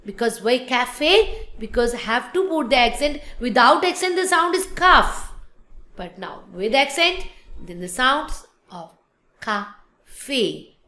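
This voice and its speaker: Woman, Indian English accent, French teacher, repeats words slowly for drill, fairly high voice, echoey classroom. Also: lively intonation, bright, forceful tone. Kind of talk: classroom language lesson.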